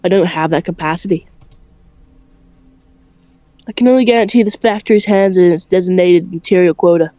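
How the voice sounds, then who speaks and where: Amateur doing a stern old factory matriarch, slow and deliberate, fan dub on a dull, dry home mic. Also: medium pitch, no echo, lightly acted. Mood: firm. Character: elderly woman factory worker representative, stern.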